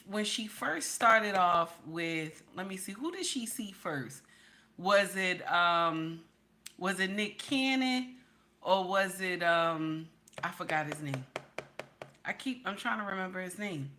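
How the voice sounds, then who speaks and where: Slow, bright-voiced woman chatting on a livestream. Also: mid-range voice. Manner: chatty, greets viewers by name, calls them baby and honey. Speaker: livestream host reading viewer chat. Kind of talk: casual livestream chat.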